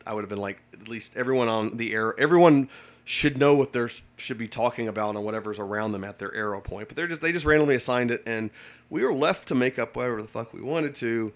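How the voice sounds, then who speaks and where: A somewhat low-voiced man, a navy veteran, tells a long casual story. He rambles, restarts sentences and leans on fillers. He swears freely along the way. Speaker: navy veteran telling stories.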